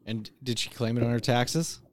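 A man's voice: medium pitch, steady tone, moderate pace. A man co-hosting a podcast, blunt and sarcastic in crude casual banter. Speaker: podcast co-host.

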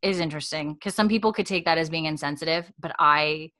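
A woman's voice: deep voice, fairly quick, hardly any pauses, sharp tone, no room sound. A woman casually recapping a TV episode, chatty and rambling, with frequent laughs.

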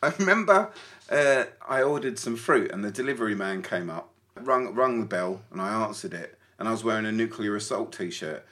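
A man co-hosting a podcast, chatting casually in an animated way with stumbling restarts. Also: fairly low pitch, moderate pace. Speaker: podcast co-host. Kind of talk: casual chat.

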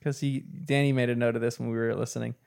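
A man in a relaxed book-club podcast, talking loosely about the story and stopping to read passages aloud. His voice is gravelly, and his pitch sits in the middle. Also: fast talker. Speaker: podcast co-host. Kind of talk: casual book discussion.

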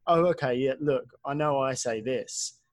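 A man's voice: medium pitch, normal speed, background noise. A man in his early thirties talks thoughtfully in a casual podcast chat, hedging often and filling his speech with "like". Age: 30s. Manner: thoughtful, hedging, uses many "like"s.

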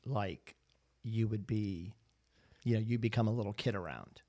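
A man's voice: fairly low pitch, moderate pace, dark tone. A man chatting casually on a podcast, easygoing and laughing between thoughts. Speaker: podcast guest.

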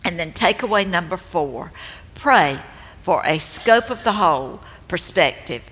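An older woman giving a slow, gentle and earnest devotional teaching talk. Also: fairly low pitch, expressive, breathy edge. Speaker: speaker at a women's ministry event. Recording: long hall reverb.

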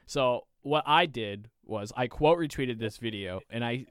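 A man's voice: medium pitch, unhurried, clear, resonant tone, no echo, clean studio sound. A man co-hosting a casual podcast, telling stories in a rambling, profane way with lots of fillers. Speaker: podcast co-host.

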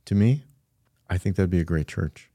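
Deep-voiced earnest pastor, dark tone. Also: male voice, normal speed, husky, no room sound, studio quality. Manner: earnest, animated emphasis on key points. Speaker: pastor and podcast co-host. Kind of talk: casual conversation about church.

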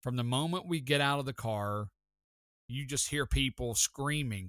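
A man hosting a sports talk show, telling stories in an excited, chatty way. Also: medium pitch, moderate pace, no room sound, clean studio sound. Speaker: sports podcast host. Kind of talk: casual sports talk storytelling.

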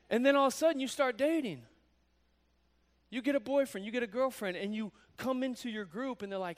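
Animated high-voiced male preacher. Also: quick pace. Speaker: pastor. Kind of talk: sermon.

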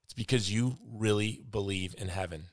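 A man's voice: lowish voice, normal speed. Earnest male podcast host. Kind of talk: casual conversation.

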